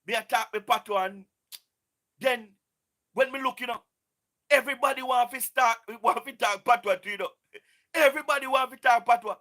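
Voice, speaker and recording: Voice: mid-range voice, sharp tone. A speaker with a Jamaican accent and patois, giving an impassioned, preachy live-stream address that keeps circling back with repeated questions to the audience. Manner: repetitive, keeps asking "you understand what I mean"; exhorting, preachy.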